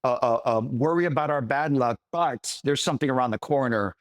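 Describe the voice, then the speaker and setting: A man's voice: mid-range voice, fairly quick, no echo. Rambling podcast co-host, man. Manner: rambling, storytelling, frequent restarts and fillers. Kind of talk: casual chat.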